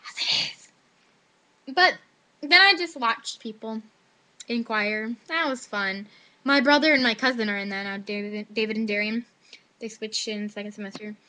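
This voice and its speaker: Recorded on a webcam microphone, a chatty teenage high school girl tells a casual vlog story in a bright, slightly high voice at a moderate pace. She leans on "like" and quotes others in animated voices.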